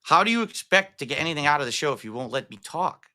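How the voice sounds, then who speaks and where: A man's voice: a little high, expressive, fast, pushed and bright. A man as a guest in a heated interview, insistently asking to be allowed to answer. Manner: insistent, keeps asking to be heard.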